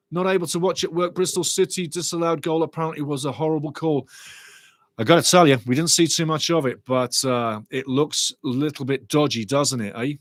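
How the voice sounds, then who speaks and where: A middle-aged man with a fairly high voice hosts a live football watch-along, excitedly calling the action and reading viewer comments aloud. There's no room sound on the recording.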